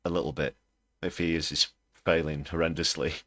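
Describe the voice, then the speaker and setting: A man with a very deep voice hosts a livestream of political commentary. He talks in a sarcastic, scornful way. The recording is dry and close, with no room sound. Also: level tone, a little fast, fairly bright tone, dry recording. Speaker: livestream host.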